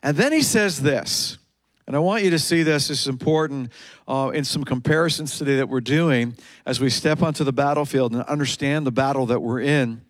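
A man preaching a sermon in a church service, emphatic, repeating key words and slowing down for quoted scripture. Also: medium pitch, dry recording. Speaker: pastor.

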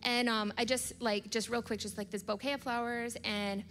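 A woman's voice: on the high side, level tone, normal speed. A woman in her thirties telling stories in a church sermon, chatty and full of fillers, laughing as she acts out what people said. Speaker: church speaker. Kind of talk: sermon storytelling. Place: church auditorium. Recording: long hall reverb with soft music behind.

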